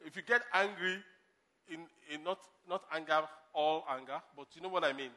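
A man preaching with a bright, high voice. He swings from loud, forceful emphasis to soft asides and laughs at his own stories. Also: normal speed. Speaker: pastor. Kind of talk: sermon.

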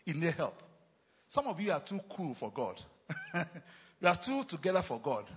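A Nigerian man preaching a sermon as pastor, emphatic and repetitive, with quick chuckles. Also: on the high side, huge pitch swings, a bit bright, breathy edge, in a large hall.

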